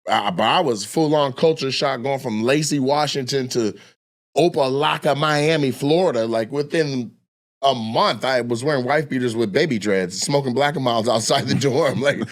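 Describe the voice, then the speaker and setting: Male, 30s, stand-up storyteller; profane, animated, slips into voices. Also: mid-range voice, normal speed. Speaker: comedian telling stories. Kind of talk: casual storytelling.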